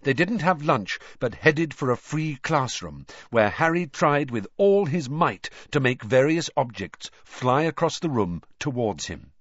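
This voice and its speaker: A man's voice: mid-range voice, a little slow, hardly any pauses, no room sound, lo-fi sound. A man reading a novel aloud as an audiobook narrator, telling it expressively. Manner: expressive storytelling. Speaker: audiobook reader. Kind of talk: scripted narration.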